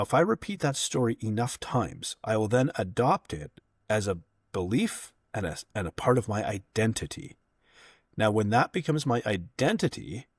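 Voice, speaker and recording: Male coach as guest, mid pitch, teacherly, dry recording. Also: slightly rough, no room sound. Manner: teacherly, checks in with "right?". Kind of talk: explanatory interview talk.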